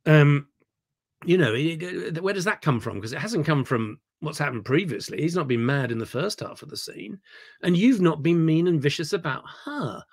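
A man leading an online acting workshop. He is animated and digressive, repeating words when he gets excited, heard over a video call. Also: fairly high pitch, moderate pace. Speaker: theatre director leading a workshop.

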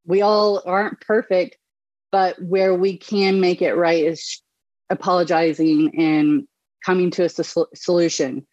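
A woman's voice: on the low side, steady tone, measured pace, darkish tone, dry recording, lo-fi sound. A woman in her thirties, a podcast host and mother, talking casually with lots of fillers and restarts. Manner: chatty, many fillers and restarts. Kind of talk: casual conversation.

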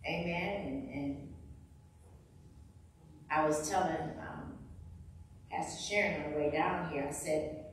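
A woman's voice: low voice, takes it slowly, long pauses, recorded from a distance, a little hiss or hum. Woman preaching in an echoey hall. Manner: call-and-response preaching, asks for amens; candid and expressive, voice rising with emotion. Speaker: minister speaking at a women's meeting. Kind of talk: sermon. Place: church meeting room.

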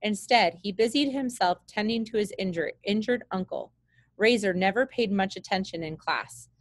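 A woman's voice: mid-range voice, moderate pace, no room sound. Woman reading a children's book aloud. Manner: steady, plain read with small slips.

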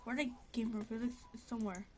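A woman's voice: fairly high pitch, fairly even intonation, fast talker, warm tone. A young woman casually commenting on her gameplay, rambling, giggling and often apologizing. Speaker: gameplay video host.

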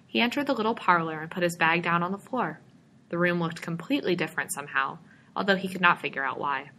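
A woman narrating a storybook in a measured, expressive way. Her voice is bright and forceful, sitting somewhat low in pitch. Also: slight background noise. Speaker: reader.

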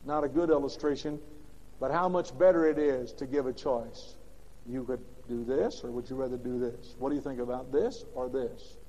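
Dramatic preacher in an echoing old recording. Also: male voice, steady tone, moderate pace. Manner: dramatic swings between loud emphatic bursts and quiet, low asides. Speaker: pastor. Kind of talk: sermon. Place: large church sanctuary. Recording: old lo-fi recording with long reverb.

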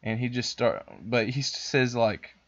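A man's voice: medium pitch, fairly even intonation, unhurried, highs cut off. Rambling, profane male podcast host. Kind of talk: casual storytelling chat.

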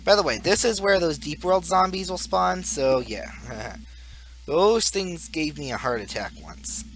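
Rambling, goofy young gaming commentator. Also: male voice, a little high, lively intonation, unhurried, fairly bright tone, a little hiss or hum. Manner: rambling, goofy, laughs at his own jokes. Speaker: gaming YouTuber. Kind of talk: casual Let's Play commentary.

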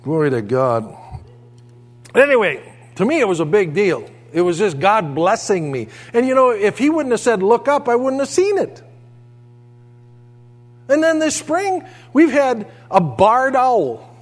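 An older man preaching a sermon as a pastor, telling homey stories with animated asides. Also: high voice, in a large hall. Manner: folksy storytelling, animated asides. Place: church sanctuary.

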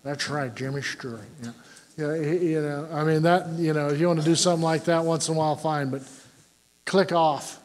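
An older male pastor preaches in a folksy, joking way, tossing questions out to his congregation. His voice sits fairly high for a man. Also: fairly even intonation, fairly quick, a little mellow. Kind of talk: sermon.

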